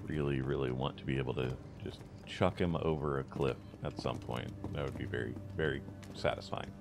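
A man casually commenting on a video game as he plays, relaxed and joking with filler words. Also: a bass voice, brisk, loud music behind the voice. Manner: relaxed, joking, lots of ums and uhs. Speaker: let's play host.

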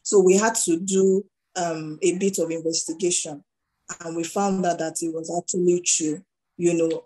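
In a low-quality recording, a middle-aged Nigerian-accented woman with a lowish voice recounts stories as a guest entrepreneur in a conversational interview. She animatedly slips into the voices of people she quotes, her tone mellow and warm throughout.

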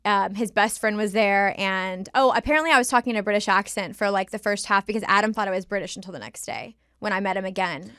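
A woman guest on a casual podcast, telling a story in an animated way and swearing freely, close to the mic. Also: medium pitch, quick pace, hardly any pauses, smooth, dry recording.

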